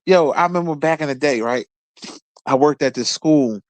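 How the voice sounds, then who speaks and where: A man's voice: normal speed, no echo. Profane Philadelphia man telling stories. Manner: profane, laughing storyteller, lively bursts of pitch. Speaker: podcast host. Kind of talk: casual storytelling.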